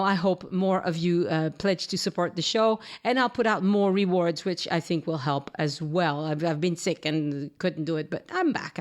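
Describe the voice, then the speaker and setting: A woman hosting a travel podcast, talking casually, laughing easily and tripping over names. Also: medium pitch. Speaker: podcast host.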